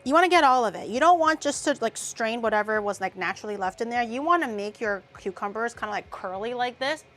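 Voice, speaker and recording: A woman's voice: on the high side, lively intonation, fast, a bit bright. A woman hosting a casual cooking tutorial, chatty and loose, with the odd crude joke. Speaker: vtuber cooking host.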